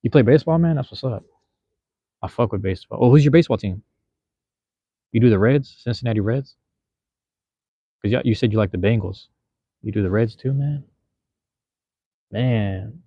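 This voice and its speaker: A man's voice: mid-range voice, normal speed, long pauses, husky, no echo, dull audio. A man from Seattle hosting a casual livestream, talking loosely with viewers in slangy, profane chatter. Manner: loose, slangy, drops profanity, addresses chat. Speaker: livestream host.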